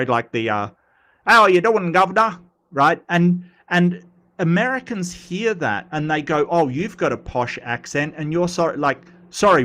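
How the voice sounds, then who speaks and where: An Australian man chats loosely on a live stream. He reads out viewer comments and wanders between thoughts. His talk is full of fillers and false starts, and his voice sits at an ordinary middle pitch. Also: a bit bright. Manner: rambling, many fillers and restarts, playful. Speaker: livestream host. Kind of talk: casual live chat reading comments.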